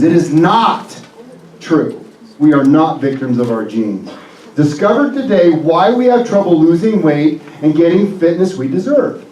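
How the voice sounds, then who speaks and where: Chiropractor pumping up a live crowd; fairly high voice, echoey room, mic at a distance. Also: male voice, slight background noise. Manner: energetic, joking, rallying the audience with questions. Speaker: chiropractor giving a seminar. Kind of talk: motivational health seminar talk.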